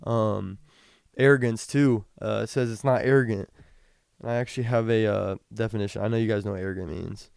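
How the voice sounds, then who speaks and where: A young man hosting a podcast, talking casually about the Bible, reading scripture slowly and rambling with frequent restarts. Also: fairly low pitch, steady tone, gravelly, a little mellow, smooth, no room sound, studio quality. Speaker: podcast host. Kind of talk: casual Bible teaching talk.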